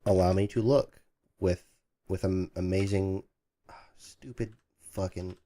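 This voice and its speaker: A man's voice: sits low, steady tone, measured pace, warm tone, slight background noise. A young man co-hosting a podcast in casual, joking chat. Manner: joking, laid-back, trails off and restarts. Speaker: podcast co-host.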